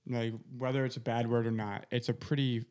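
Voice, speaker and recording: A man's voice: mid-range voice, level tone, a little fast, a little mellow, clean tone. A man hosting a podcast, chatting casually with rambling, laughing reactions. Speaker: podcast host. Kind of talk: casual chat.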